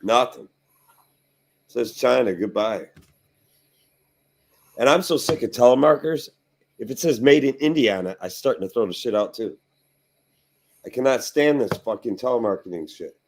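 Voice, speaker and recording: A middle-aged man hosting a garage show, ranting and swearing as he tells animated stories in casual chat. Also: medium pitch, normal speed, long pauses, a little hiss or hum. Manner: profane, ranting, animated storytelling.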